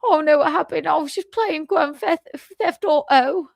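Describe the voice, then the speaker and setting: A woman putting on a goofy, flustered British man in a mock British accent, high and frantic. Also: moderate pace, vocal fry, dry recording, studio quality. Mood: panicky. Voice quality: high squeaky put-on voice. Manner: frantic, mocking.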